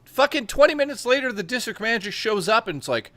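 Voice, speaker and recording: A man's voice: very high-pitched, animated, quick pace, a bit bright. A man hosting a stream, telling rambling, profane anecdotes in casual chat and acting out the quotes. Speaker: stream host.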